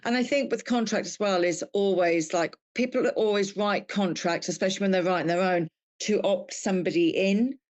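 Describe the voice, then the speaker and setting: A woman's voice: medium pitch, normal speed, hardly any pauses, a little mellow, lo-fi sound. A woman with an English-tinged accent chatting casually about business as a podcast guest, with plenty of fillers and restarts.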